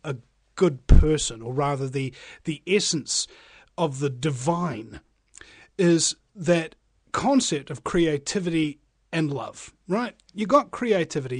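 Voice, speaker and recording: A man's voice: mid-range voice, slightly rough, no room sound. A man hosting a live talk radio show, speaking energetically and emphatically straight to his listeners. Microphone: studio microphone.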